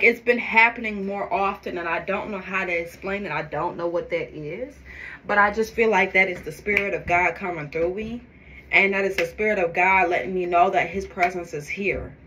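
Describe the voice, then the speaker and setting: A woman vlogging to her phone camera, talking in a forceful, preachy, emphatic way about faith. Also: medium pitch. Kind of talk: faith-filled get-ready-with-me vlog.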